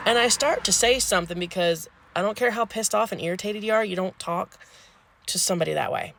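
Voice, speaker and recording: A woman telling a funny story in an animated, crude, playful way. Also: medium pitch, fairly quick, creaky. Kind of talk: casual comedic storytelling.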